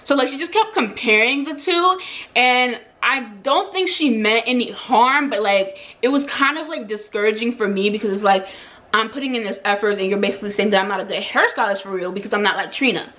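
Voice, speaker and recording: A woman's voice: a little high, fairly quick, sharp tone. Chatty young woman telling a story. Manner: chatty, lots of "like" and repeats. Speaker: hairstylist and vlogger. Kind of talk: casual storytime.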